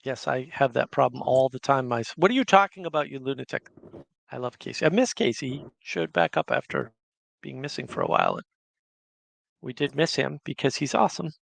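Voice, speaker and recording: A man's voice: medium pitch, very animated, fairly quick, vocal fry, dry recording. A man hosting a casual livestream, chatting and reading viewer comments aloud. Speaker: livestream host.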